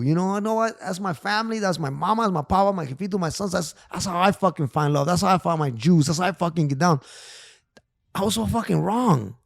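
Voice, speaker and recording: Middle-aged man, therapist guest; emphatic, profane slang, slightly high voice, dry close recording. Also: expressive, fast, vocal fry, no room sound. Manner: repeats himself, many restarts. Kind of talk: casual podcast conversation.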